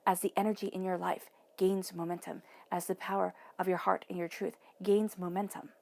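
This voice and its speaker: Woman, tarot reader, gravelly mellow tone, soothing delivery with whispered emphasis. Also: on the low side, flat delivery, a little fast. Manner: playful asides, acts out voices in quotes. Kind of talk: intuitive tarot reading monologue.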